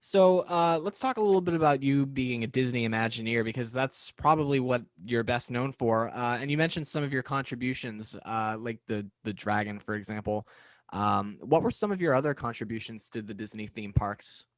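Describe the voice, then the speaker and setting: A man hosting an interview, asking short relaxed questions. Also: medium pitch, moderate pace, dry recording. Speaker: host.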